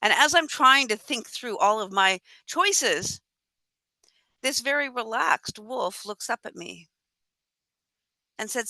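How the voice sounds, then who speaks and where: A woman telling a tall tale at a live storytelling event, animated and acting out her own thoughts and dialogue. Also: a little high, slow pace, long pauses, dry recording.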